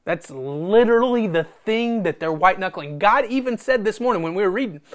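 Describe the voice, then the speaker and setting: A preacher delivering a sermon, reading scripture and explaining it, often repeating phrases for emphasis and swinging between loud, emphatic bursts and hushed, near-whispered lines. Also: medium pitch, lively intonation, fairly quick. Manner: reads scripture aloud with commentary.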